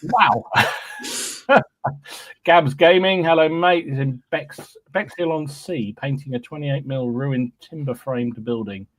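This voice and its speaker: A man's voice: medium pitch, unhurried. Chatty man hosting a podcast. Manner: chatty, cheerful, with frequent ums and restarts. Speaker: podcast host. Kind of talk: casual chat, reading out live chat greetings.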